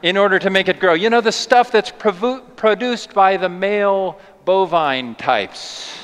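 A man preaching a sermon as a pastor, telling the story in a lively, playful way. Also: high-pitched, unhurried, clear, resonant tone. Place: church sanctuary. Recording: long church reverb.

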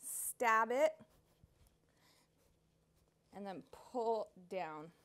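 A woman's voice: fairly high pitch, expressive, drawn-out words, a bit bright. A young woman hosting a casual cooking demonstration, bubbly and playful as she chops and explains. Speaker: cooking show host.

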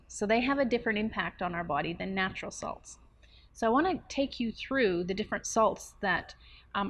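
Woman, nutrition coach, casual to-camera chat, explains plainly, playful asides, quick to laugh. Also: mid-range voice.

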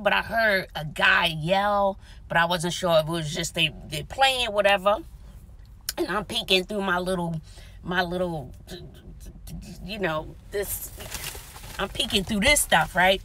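A woman's voice: medium pitch, moderate pace. A woman vlogger telling a dramatic story in casual chat, often dropping to whispers, recorded inside a parked car. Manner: animated, dramatic retelling with whispered asides.

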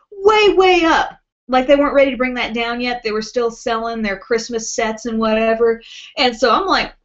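A chatty woman with a fairly high voice hosts a beauty live stream from home, reading out viewer comments between ums and small laughs. The sound is a bit dull and lo-fi, like an older webcast. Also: sharp tone. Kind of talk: casual live-stream chat.

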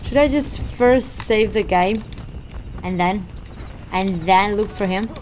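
A woman giving let's-play commentary on a horror game, jumpy and excitable, often gasping and exclaiming. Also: medium pitch, slow, slight background noise. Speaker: gaming streamer. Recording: game audio and music mixed in.

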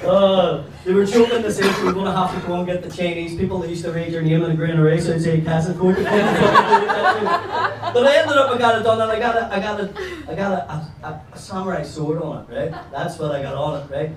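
A man with a Belfast accent doing a stand-up comedy set, rambling through crude stories and now and then breaking into loud shouts. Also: high-pitched, fairly quick, reverberant, far from the mic, very noisy. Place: pub comedy room with a laughing audience.

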